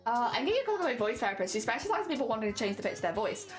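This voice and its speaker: High-pitched woman chatting on stream, giggly, bit of music playing behind. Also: big pitch swings, racing. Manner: chatty, giggly, self-deprecating. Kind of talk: casual live-stream chat.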